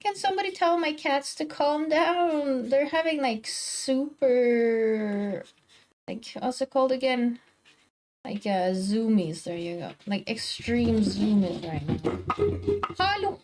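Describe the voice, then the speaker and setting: Her voice is a little high and a little mellow, expressive and slow. She's a woman streaming indoors from home on a desk mic, drawing while she chats with viewers and her cats, teasingly indignant.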